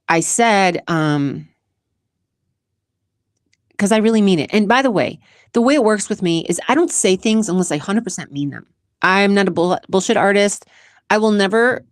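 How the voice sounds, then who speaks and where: A woman's voice: mid-range voice, no echo. A woman in a mid-range voice delivers a rambling, heartfelt monologue to her listeners. She is earnest and emotional, sometimes on the edge of tears. The sound is dry and close, with no room around it. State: tearful at times. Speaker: podcast host. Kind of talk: casual personal monologue.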